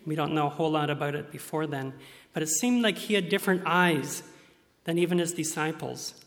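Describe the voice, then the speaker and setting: A man's voice: on the high side, a little fast, a bit bright, long reverb tail. A man delivering a sermon as a pastor, earnest, sometimes acting out quoted voices.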